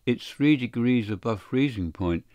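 A man voicing an earnest married man in an audiobook, speaking hastily in a low voice. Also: expressive, measured pace, a little mellow, dry recording, lo-fi sound, lightly acted. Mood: explaining. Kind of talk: audiobook character reading.

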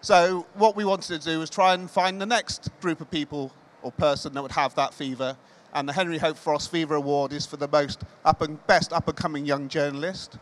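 A man addresses a live crowd from a stage, his voice a little higher than most men's. He speaks in a measured way, dropping hints to build suspense before naming the winner. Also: fairly even intonation. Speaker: magazine editor presenting award. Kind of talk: on-stage speech. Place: large exhibition hall stage.

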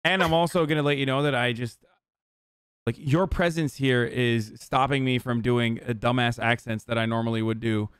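A man's voice: medium pitch, steady tone, moderate pace, fairly bright tone, clean tone, no echo, studio quality. A man hosting a stream, reacting to a video in casual chat, joking bluntly and crudely. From United States.

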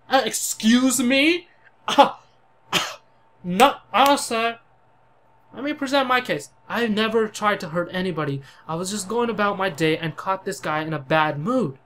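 A man commentates his own gameplay in a voice that sits high and sounds bright and edgy. He is jumpy, often yelping in alarm and swearing at what happens on screen. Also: measured pace, slight background noise. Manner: jumpy, cries out in panic, curses at the game. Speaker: let's play commentator.

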